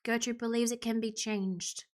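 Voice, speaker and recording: A woman's voice: a little high, steady tone, normal speed. A woman streaming a story game live, reading it aloud, chatting and laughing, and slipping into a playful pirate brogue. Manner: chatty, laughs often, talks to her pet and chat. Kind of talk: live game playthrough with voiced characters.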